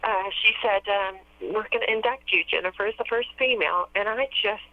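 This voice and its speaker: A woman's voice: mid-range voice, a little fast. Chatty woman on a muffled phone line. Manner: warm, chatty storyteller, many fillers and restarts. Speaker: radio DJ and PR firm owner, interview guest. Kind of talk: casual phone interview.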